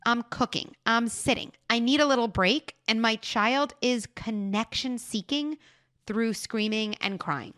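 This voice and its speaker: A woman hosting an advice podcast on parenting, speaking in a calm, measured and reassuring way as she talks through reframes. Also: fairly high pitch. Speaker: podcast host, parenting advisor.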